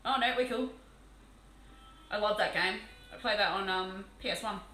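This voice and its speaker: An Australian woman chatting casually on a live stream while painting a model, excitable and swearing freely. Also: medium pitch, normal speed, roomy sound, slight background noise, low-quality recording.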